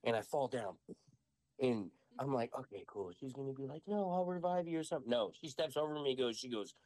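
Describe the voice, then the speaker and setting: A young man telling a story in a casual podcast chat, animated and full of swearing. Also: mid-range voice, a little fast, dry recording. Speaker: podcast host.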